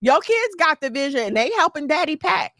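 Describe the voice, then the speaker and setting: A woman hosting a podcast, giving emphatic, preachy advice through lively storytelling. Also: sits high, brisk, dry recording, clean studio sound. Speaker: podcast host. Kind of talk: casual advice talk.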